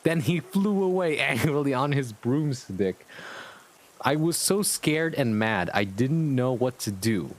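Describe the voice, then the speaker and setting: A man's voice: mid-range voice, expressive, measured pace. A man streaming live, reading fanfiction aloud and breaking off to chat to his viewers, amused and often profane.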